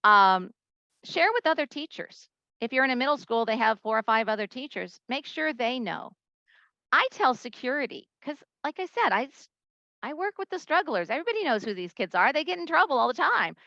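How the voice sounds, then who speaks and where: A woman presenting a conference talk to teachers, a lively storyteller who acts out the voices she quotes. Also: high voice, brisk, vocal fry, dry recording, dull audio.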